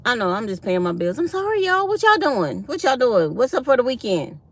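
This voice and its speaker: Middle-aged woman, gravelly and a touch high, chatty livestream host who talks to her viewers as y'all. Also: very animated, brisk, fairly bright tone, no room sound. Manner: chatty, laughs hard, addresses viewers as y'all. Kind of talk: casual livestream chat.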